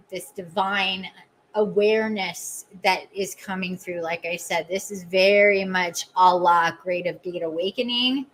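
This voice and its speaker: This podcast host and oracle reader has a mid-range, slightly bright voice, captured in poor audio. She channels an oracle reading and leads a guided meditation, lingering incantatorily on repeated phrases. Her emotion is open, and she pokes fun at herself now and then.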